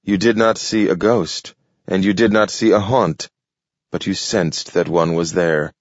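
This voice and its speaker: Narratore uomo, voce bassa e lenta, registrazione spenta e asciutta. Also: male voice, fairly even intonation, no room sound. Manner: slow and measured. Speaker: audiobook narrator. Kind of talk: scripted narration. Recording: dull lo-fi audio, dry.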